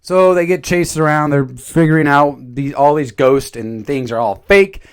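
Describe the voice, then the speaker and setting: A man's voice: fairly high pitch, moderate pace, very noisy. A man reviewing a movie in a casual, jokey commentary. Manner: animated, jokey, slips into silly voices.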